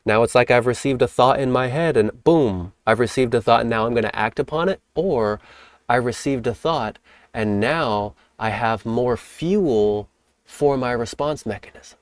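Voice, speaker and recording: A man hosting a spiritual teaching talk, speaking in a calm, reflective way and sometimes acting out playful examples. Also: medium pitch, normal speed, no room sound. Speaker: host.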